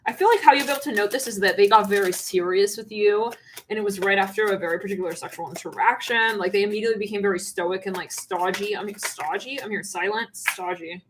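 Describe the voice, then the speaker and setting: A woman's voice: medium pitch, quick pace, a little hiss or hum. A woman giving a channeled tarot reading on a livestream, rambling and laughing often. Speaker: tarot reader.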